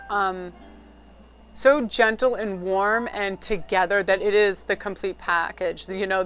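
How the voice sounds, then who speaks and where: A middle-aged woman doing a casual tarot reading to camera, talking in an excitable, rambling, chatty way. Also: mid-range voice. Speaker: tarot card reader.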